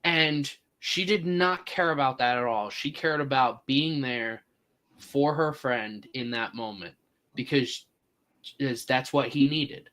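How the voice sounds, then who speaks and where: A man's voice: medium pitch, slow, bright, forceful tone. Thoughtful man discussing a movie. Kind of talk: casual movie review chat.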